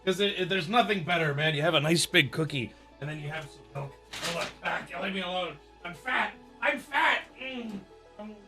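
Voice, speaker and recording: Speaking fairly quickly in a higher-than-average voice, a streamer chats with viewers while he eats. He's lively, laughs a lot, and makes mouth-full murmurs of enjoyment, and faint music plays behind him.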